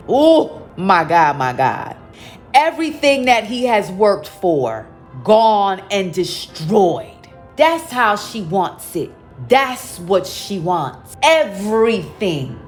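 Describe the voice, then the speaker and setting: A woman giving a spiritual card reading to viewers, dramatic, with loud exclamations and emphatic repetition. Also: medium pitch, very animated, takes it slowly. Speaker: psychic card reader. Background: faint background music.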